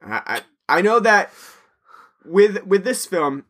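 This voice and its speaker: Bright-voiced chatty male podcaster. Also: high-pitched, sing-song, slow pace. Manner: chatty and meandering, plugs the show. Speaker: podcast co-host. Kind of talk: casual podcast chat.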